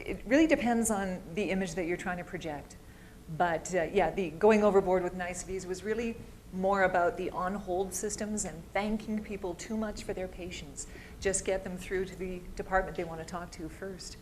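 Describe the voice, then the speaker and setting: A woman's voice: fairly low pitch, fairly even intonation, normal speed, a little hiss or hum. A woman voice-over artist answering audience questions at a live panel, chatty and upbeat, laughing easily.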